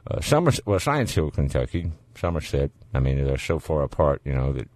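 Man, radio call-in host, very low voice, lively swinging delivery, dry studio sound. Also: brisk, no room sound. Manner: joking, laid-back banter with callers. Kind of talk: casual call-in radio talk.

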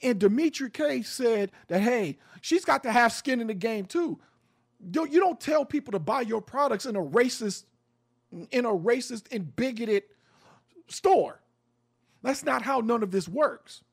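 A man with a strikingly high voice and a gravelly fry gives fiery social commentary. His pitch swings widely as he preaches, emphatic and unafraid to curse. He is a radio host holding forth as a guest. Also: expressive, a little slow. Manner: emphatic, preachy, swears freely.

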